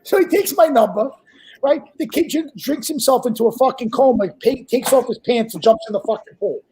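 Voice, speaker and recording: A man from Staten Island with a New York accent, telling a profane, animated anecdote as a guest in casual chat. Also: extremely high pitch, a little fast, slightly rough, rough recording. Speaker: guest storyteller.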